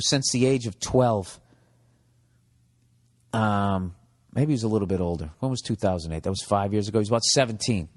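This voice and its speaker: Man, 40s, from the US, podcast host, profane riffing monologue, middle pitch, long reverb. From United States.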